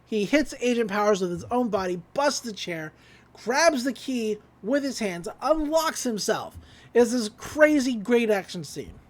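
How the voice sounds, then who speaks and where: Woman retelling a cartoon ep, lively voice jumping all over, kinda high, laughs a lot. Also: a little slow. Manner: animated retelling, acts out quotes, laughs often. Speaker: podcast host recapping a cartoon episode. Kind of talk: casual recap.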